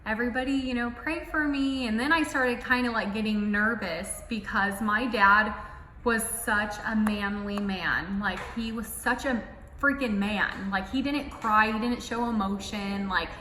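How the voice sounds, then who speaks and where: A young woman tells her own story straight to camera, casual and emotional, with a steady stream of "like" fillers. Her voice is bright and sharp. The room rings with echo and a long reverb tail. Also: mid-range voice, a little slow, a little hiss or hum. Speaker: vlogger. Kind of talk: personal storytelling.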